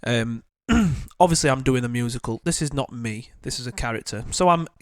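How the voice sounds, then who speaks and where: A man's voice: medium pitch, moderate pace, no room sound. Young man, casual podcast chat, teasing, dry close sound. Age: young adult. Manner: storytelling, teasing and joking. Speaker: podcast co-host.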